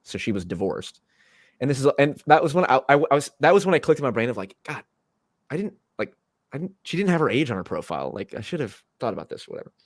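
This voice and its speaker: A man's voice: medium pitch, big pitch swings, fast, no room sound. A young man in his twenties hosting a casual podcast, rambling through a story with many fillers and restarts. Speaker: podcast host.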